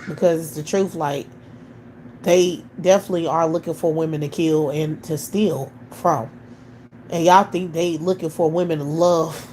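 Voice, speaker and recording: A woman's voice: lowish voice, mellow, slight background noise. A woman hosting a livestream, ranting in blunt, profane commentary and firing off scornful rhetorical questions. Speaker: livestream host.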